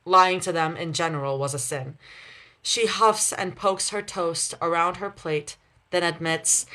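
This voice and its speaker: Young woman reader, live fan-fiction reading, lowish voice, chatty asides. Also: moderate pace, a bit bright. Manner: chatty, laughs and corrects herself between lines.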